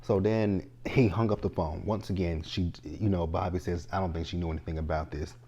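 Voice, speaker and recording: A young man giving a casual, animated recap of a TV episode, talking straight to the characters in exasperation. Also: sits low, brisk, breathy edge, dull audio. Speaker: TV show reviewer.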